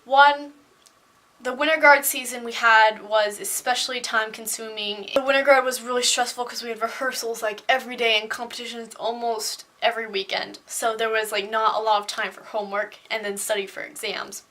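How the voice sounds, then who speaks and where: A young woman talks straight to her viewers in a chatty, candid vlog. She is pitched a little high and sounds bright and forceful, and she scatters fillers and restarts through her talk. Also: steady tone, fairly quick. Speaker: vlogger. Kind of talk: casual talking-head vlog.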